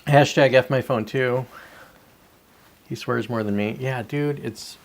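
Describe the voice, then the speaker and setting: A man's voice: medium pitch, a little slow, a little hiss or hum. A man hosting a casual solo livestream, rambling and talking to his chat viewers by name between sips of coffee. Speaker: livestream host.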